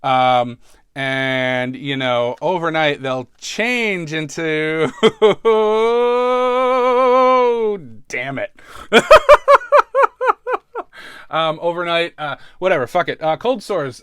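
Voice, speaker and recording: A man's voice: on the high side, animated, extremely slow, fairly bright tone, smooth, no echo, studio quality. A man talking casually in a rambling, self-deprecating way, often laughing and restarting his sentences, sounding stressed. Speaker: podcast host.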